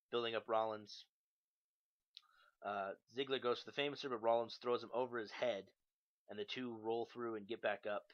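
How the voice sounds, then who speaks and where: A young man casually recapping wrestling shows, loose and profane with lots of ums and uhs. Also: mid-range voice. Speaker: podcast host. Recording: dull lo-fi podcast mic.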